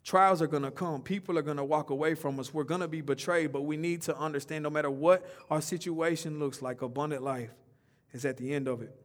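Preaching man, slightly high voice. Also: steady tone, a little fast. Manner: call-and-response preaching, rising emphatic then dropping soft; informal, conversational speech. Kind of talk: sermon.

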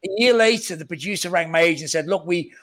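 Bright-voiced man with a Welsh-Scouse accent. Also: a little high, racing. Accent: Welsh-Scouse blend. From North Wales near Liverpool. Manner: animated storyteller, self-mocking, with frequent restarts. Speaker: guest actor. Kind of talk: casual interview chat.

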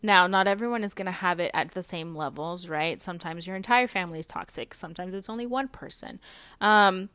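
A woman's voice: fairly low pitch, a little fast, a bit bright, no echo. A young adult woman hosting a podcast in a casual monologue, chatty and blunt, swearing freely and peppering her talk with "like.". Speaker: podcast host.

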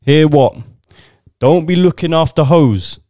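A man's voice: a little high, measured pace, warm tone. A young man, hosting a casual chat and laying out his views emphatically in slang. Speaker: podcast host.

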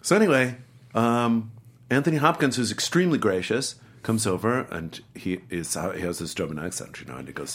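A man's voice: fairly low pitch, brisk, breathy edge. A middle-aged man telling a casual anecdote, acting out the voices and accents of the people in it. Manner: animated storyteller, acts out voices and accents. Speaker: guest actor telling a story.

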